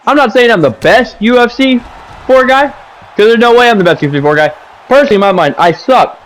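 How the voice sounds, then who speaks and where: Casual male gamer commentator, high lively voice, rants and repeats himself. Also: brisk, low-quality recording. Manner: animated, ranting, repeats himself, says boom a lot. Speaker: gaming commentator. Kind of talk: casual commentary over gameplay footage. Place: home gaming setup, seated.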